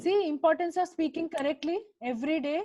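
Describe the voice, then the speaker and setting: A woman with an Indian English accent teaching an online grammar class to children over a video call, coaxing them along with brisk, repeated prompts. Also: sits high, a little mellow.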